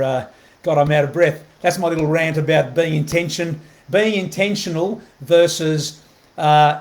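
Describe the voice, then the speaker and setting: A man hosting a motivational live video, talking earnestly and often checking in with a questioning "right?", repeating phrases as he goes. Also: on the high side. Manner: earnest, keeps asking "right?" to the viewer; repeats himself, many fillers and restarts. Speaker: motivational host.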